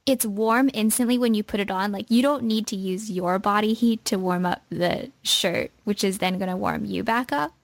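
A woman's voice: mid-range voice, normal speed, gravelly, few pauses, no echo. Friendly woman podcast co-host, dry sound. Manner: light and friendly, laughs easily. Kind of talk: casual chat.

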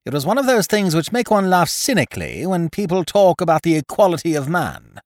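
A man narrating a story in a wry, expressive reading. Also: fairly high pitch, a little fast, hardly any pauses, no echo, clean studio sound. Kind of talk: scripted audiobook narration.

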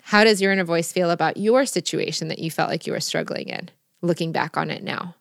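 A woman hosting a casual podcast interview, telling stories in an animated, emphatic way. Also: fairly low pitch, fairly quick, creaky, dry recording, studio quality. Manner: animated storytelling, expressive and emphatic. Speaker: podcast host.

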